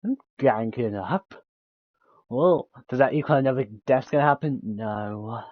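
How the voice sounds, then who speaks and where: A man's voice: mid-range voice, a little slow, no room sound, narrow, tinny audio. Man stumbling through game dialogue aloud. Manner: stumbling over words, often restarting lines; laughs between lines. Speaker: game streamer.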